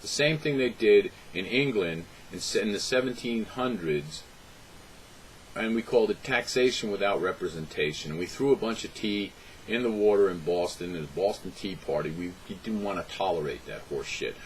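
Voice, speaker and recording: Deep-voiced us guy ranting mad about politics to the camera, blunt and cussing. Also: animated, moderate pace, slight background noise, low-quality recording. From United States. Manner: heated, blunt, swears freely. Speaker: political vlogger. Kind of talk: angry political rant to camera.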